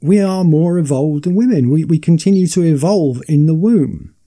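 A man's voice: fairly high pitch, normal speed, mellow. A man in casual podcast chat, stammering and repeating words as he goes.

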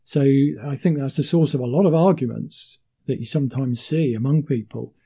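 A man in a casual conversation who explains his views in a measured way, often repeating words as he goes. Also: medium pitch, vocal fry, mellow, breathy edge.

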